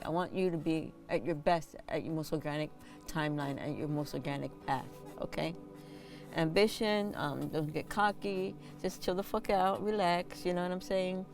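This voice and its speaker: Her voice is on the low side and a little mellow. As host of the show and a massage therapist, she offers casual spiritual guidance, blunt but encouraging, with occasional swearing, all from a squeaky chair indoors.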